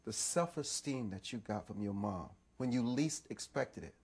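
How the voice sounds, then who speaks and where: A man's voice: mid-range voice, animated, normal speed, darkish tone, husky. A man hosting a TV interview, asking earnest, probing questions. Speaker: TV interview host. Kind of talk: broadcast interview.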